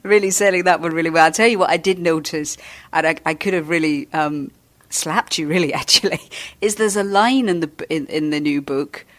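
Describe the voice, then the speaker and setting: A woman's voice: deep voice, fairly bright tone. A woman hosting a podcast interview in a chatty, enthusiastic way. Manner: chatty, enthusiastic, quick to laugh. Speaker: podcast host. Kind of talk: casual interview.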